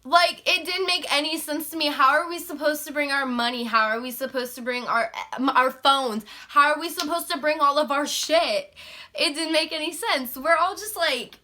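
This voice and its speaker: A young woman casually telling a story to her camera, animated and swearing freely. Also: sits high, moderate pace. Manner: animated, swears freely, mimics shocked voices.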